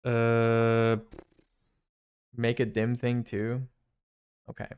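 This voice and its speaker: A man streaming a video game, chatting casually and thinking out loud as he rambles and repeats himself. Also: mid-range voice, completely flat delivery, extremely slow, clean tone, highs cut off. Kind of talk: casual live-stream chat.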